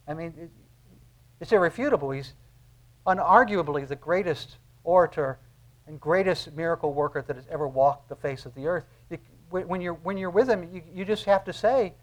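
A man preaching a sermon in an earnest, conversational way, repeating key phrases for emphasis. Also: high voice.

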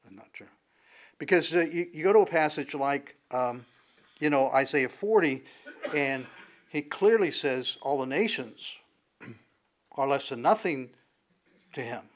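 Man, pastor, verse-by-verse sermon, halting and conversational, lots of fillers, mid-pitched. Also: lively intonation. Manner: conversational, halting with many fillers and restarts, rising in emphasis on scripture. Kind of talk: expository sermon.

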